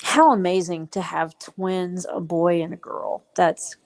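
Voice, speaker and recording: A woman's voice: on the low side, steady tone, a little slow. An older woman, a grandmother, chatting eagerly and cheering others on in a casual livestream. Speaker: grandmother guest.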